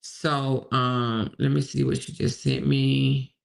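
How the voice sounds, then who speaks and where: A woman runs a casual livestream, commenting with animated exclamations, addressing her viewers directly and reading their comments out loud. Her voice is extremely low with vocal fry, and she speaks slowly.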